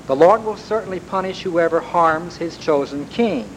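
A man's voice: fairly high pitch, normal speed, natural voice, low-quality recording. A man voicing a bold, devout young warrior in his own earnest preaching voice. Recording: faint background hiss.

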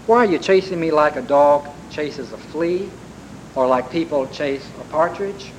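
A man's voice: on the high side, expressive, unhurried, poor audio. A man voicing a bold, devout young warrior in his own earnest preaching voice. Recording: faint background hiss.

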